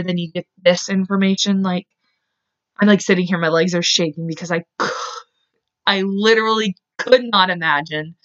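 A woman's voice: on the low side, fairly bright tone. Woman, true crime podcast host, chatty, lots of "like" and "um", blunt, slightly muffled lo-fi sound. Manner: chatty, heavy use of "like" and "um"; openly emotional and blunt. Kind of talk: casual true crime storytelling.

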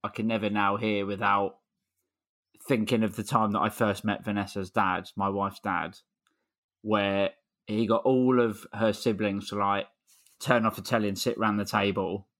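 A man's voice: fairly low pitch, level tone, moderate pace, fairly bright tone. A man co-hosting a casual football podcast, a laid-back storyteller who swears casually. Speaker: podcast co-host.

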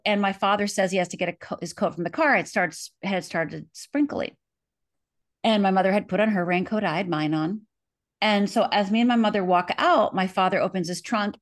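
A middle-aged woman from Upper Michigan, an author interviewed as a guest, retelling her past earnestly and vividly, acting out the quotes. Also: fairly low pitch. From Upper Michigan, USA. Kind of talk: interview, personal storytelling.

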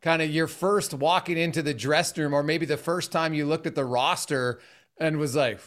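Higher-voiced male podcast host. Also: moderate pace, fairly bright tone. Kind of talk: casual interview questions.

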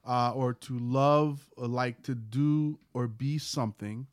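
A man co-hosting a casual faith podcast, sniffly with a cold, explaining things haltingly with many restarts. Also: medium pitch, fairly even intonation, dry recording, studio quality. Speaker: podcast co-host.

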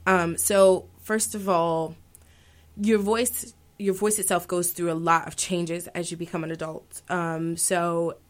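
Aspiring opera singer, woman in her 20s, lowish voice, rambling and reflective in interview. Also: little pitch movement, takes it slowly. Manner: thoughtful, rambling with fillers and self-corrections. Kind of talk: casual interview answers.

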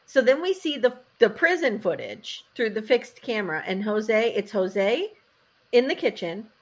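A woman's voice: on the high side, a little slow. A woman co-hosting a podcast, recapping a reality show in a casual chat and acting out the quotes with lots of "like". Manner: animated storytelling, acting out quotes, frequent "like".

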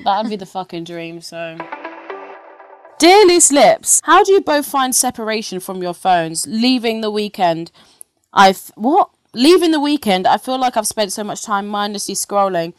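A young woman with an English accent, co-hosting a podcast in casual chat, who swears freely and tells stories in quick bursts. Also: mid-range voice, expressive, clear, resonant tone, no echo, faint music behind. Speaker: podcast co-host.

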